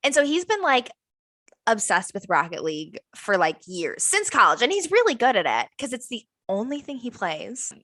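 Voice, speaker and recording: Bright-voiced young woman telling a story. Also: fairly high pitch, normal speed, no room sound. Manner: animated storytelling, acts out quoted dialogue. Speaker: podcast co-host. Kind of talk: casual chat.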